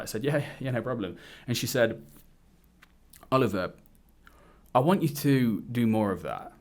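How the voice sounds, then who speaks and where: A man's voice: mid-range voice, very animated, normal speed. A man telling a personal story straight to camera, candidly, with some swearing and acted-out quotes. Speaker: dating coach. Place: indoors, wearing a hood. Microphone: camera mic.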